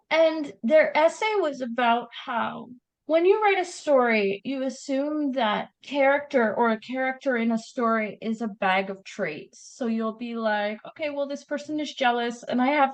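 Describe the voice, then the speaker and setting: In a casual interview, a guest author with a Canadian accent talks animatedly about her writing. She has a high-pitched voice, and the recording quality is poor.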